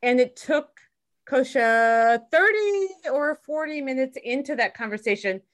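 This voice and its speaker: A woman co-hosting a podcast, asking questions in a measured, teasing interview chat. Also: high-pitched, expressive. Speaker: podcast co-host.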